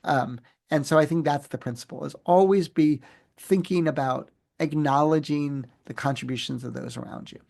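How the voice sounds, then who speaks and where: Gravelly, animated professor telling stories. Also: male voice, fairly high pitch, normal speed. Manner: animated storyteller, many fillers and restarts. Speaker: guest, professor and author. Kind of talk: conversational interview answers.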